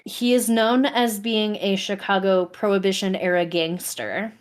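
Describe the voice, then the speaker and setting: A woman co-hosting a podcast who tells the story in casual chat, explaining her research in a measured way. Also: mid-range voice. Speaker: podcast co-host presenting the story.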